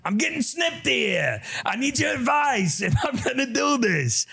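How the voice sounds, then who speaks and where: A man putting on a loud, exaggerated New York accent to read a listener's letter aloud. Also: very high-pitched, big pitch swings, a little slow, creaky, husky, pitched above the performer's own voice, heavily acted. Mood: brash. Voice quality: shouty, exaggerated.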